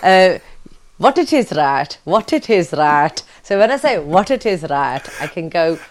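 A woman's voice: on the low side, very animated, measured pace. A woman voicing a brash Pakistani-born woman from Yorkshire, with a hybrid Yorkshire and Pakistani accent, speaking in emphatic, punchy catchphrases. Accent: Yorkshire mixed with Pakistani.

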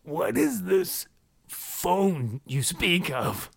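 A man's voice: sits high, big pitch swings, drawn-out words, vocal fry, breathy edge, full character voice. A man voicing a crude, brash female barkeep from the backwoods who claims psychic powers. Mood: musing. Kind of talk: improvised tabletop role-play.

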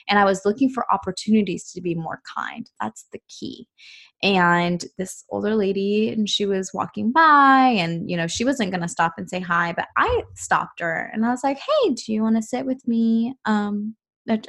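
A young woman talking on her own podcast in an earnest, chatty way. Her voice sits at an ordinary middle pitch, and she fills her pauses with "um" and "like". It sounds loose and conversational, not read from a script. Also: a bit bright. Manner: chatty, earnest, many fillers like "um" and "like". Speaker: podcast host and personal trainer. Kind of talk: casual solo podcast monologue.

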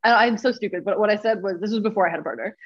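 A woman telling stories in a casual podcast chat, animated and laughing often, with lots of fillers. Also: medium pitch, very fast, highs cut off. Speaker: podcast guest, rowing coxswain.

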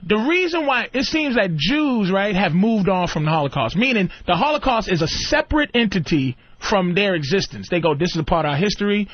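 A man's voice: high voice, brisk, hardly any pauses, dry recording. A man in casual comedic podcast chat, ranting animatedly and slipping into put-on voices. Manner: animated, puts on voices mid-rant. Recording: muffled lo-fi podcast audio.

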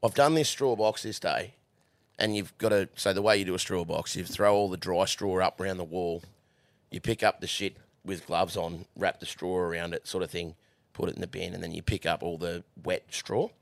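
A man's voice: sits low, steady tone, normal speed, creaky, no room sound. A man with an Australian accent, a guest telling stories from the horse stables, swearing freely and laughing as he talks. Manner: profane, laughing storyteller. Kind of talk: casual podcast chat. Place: studio.

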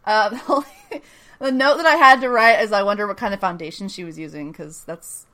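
A woman's voice: mid-range voice, fairly quick, bright, forceful tone. Young adult woman, podcast co-host, casual recap, laughs and swears a lot, playful asides. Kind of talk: casual episode recap chat.

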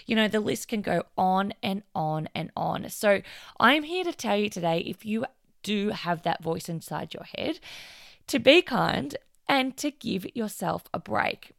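A woman hosting her own podcast in casual solo talk, earnest and encouraging, with a hoarse voice as she loses it, and many fillers. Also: mid-range voice, normal speed, a bit bright, no room sound, clean studio sound. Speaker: podcast host.

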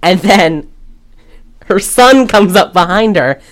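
In a slow, mid-range voice with lively intonation, a woman co-hosting a podcast chats through a movie recap. The retelling wanders and is full of fillers.

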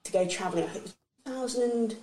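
A woman in her thirties, a comedian, telling lively family anecdotes in casual chat, breaking into quick voice impressions. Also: a little high, echoey room, rough recording. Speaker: guest comedian.

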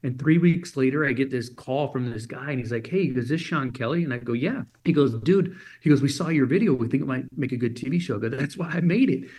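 A man's voice: medium pitch, quick pace, hardly any pauses, breathy edge. A man from Germany, a guest in an interview, telling a story with energy and acting out the voices of the people in it. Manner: energetic, acts out quoted voices. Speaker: podcast guest.

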